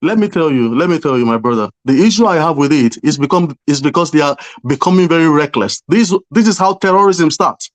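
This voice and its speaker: A man's voice: fairly high pitch, lively intonation, a little fast, hardly any pauses. A man in a heated political debate, insistent and exasperated, pressing with questions. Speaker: panel debater.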